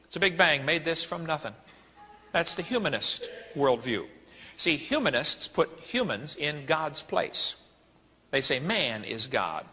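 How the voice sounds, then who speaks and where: A man lectures emphatically in a bright, lively voice that leaps up and down in pitch. He drives his points home with rhetorical questions like a preacher, and his words ring out in a long hall reverb. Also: husky. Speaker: speaker.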